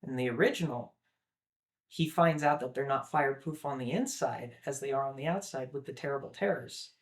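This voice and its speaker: A man's voice: mid-range voice, brisk. A young man co-hosting a casual film discussion, talking enthusiastically and rambling with lots of filler words. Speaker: podcast co-host.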